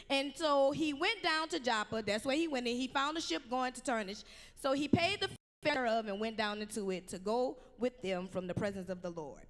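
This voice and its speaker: High-voiced woman preaching to youth. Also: fairly quick, a bit bright, long reverb tail. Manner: slangy, call-and-response with the audience. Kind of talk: conversational youth sermon. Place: church sanctuary.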